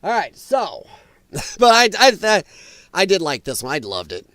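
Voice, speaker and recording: A man hosting a livestream, talking casually to his viewers in an animated way and laughing often. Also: high-pitched, unhurried, no room sound. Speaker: livestream host.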